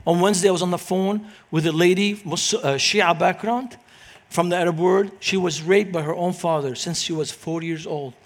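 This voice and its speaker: A middle-aged man from Lebanon, preaching in a lively storytelling manner as a guest speaker. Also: high voice, normal speed. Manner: animated, acts out quoted voices in anecdotes. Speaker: guest speaker, Christian minister. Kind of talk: storytelling sermon.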